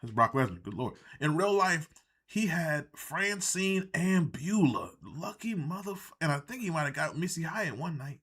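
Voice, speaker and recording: A man riffs through a live reaction stream in loose, profane commentary. His tone is sarcastic and exasperated throughout. His voice sits slightly high for a man. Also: big pitch swings, moderate pace, a bit bright, breathy edge. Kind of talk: casual ranting commentary.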